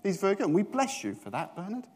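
Chatty British preacher, higher voice. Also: male voice, huge pitch swings, quick pace, background noise. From Britain. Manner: chatty, self-mocking, asks the congregation questions. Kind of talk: storytelling sermon.

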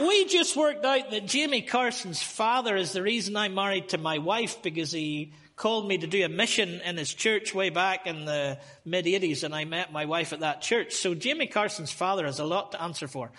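High bright Northern Irish preacher. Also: male voice. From Northern Ireland. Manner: humorous, chatty opening asides. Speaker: guest preacher. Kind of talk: sermon.

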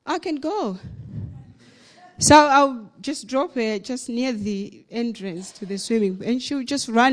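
At a church service, a high-pitched woman preaches a sermon with emphasis. Her delivery swells and drops, and she returns to the same phrases again and again.

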